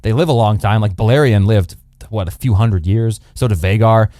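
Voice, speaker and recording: A man's voice: fairly low pitch, moderate pace, warm tone, no room sound. Blunt rambling man, dry mic. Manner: blunt, rambling, sarcastic, swears casually. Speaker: podcast co-host. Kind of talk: casual podcast chat.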